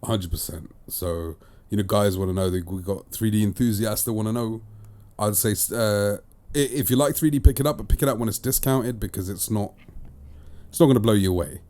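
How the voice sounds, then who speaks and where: Chatty male host, slightly low voice, talks in emphatic repeated phrases. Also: a little fast, mellow. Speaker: podcast host and disc reviewer. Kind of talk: casual chat.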